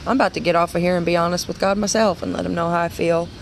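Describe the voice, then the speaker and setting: A woman's voice: on the low side, fairly even intonation, rapid-fire, gravelly, slight background noise. A young woman leading a women's ministry, giving an earnest devotional talk and repeating phrases for emphasis.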